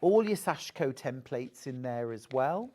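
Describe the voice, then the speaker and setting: A woman with a low voice hosts a live shopping show from a TV studio. She talks with bubbly enthusiasm and keeps urging viewers to check out their baskets quickly. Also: lively intonation, a little mellow. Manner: enthusiastic, gushing, urges viewers to buy. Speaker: shopping channel presenter. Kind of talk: live TV sales presenting.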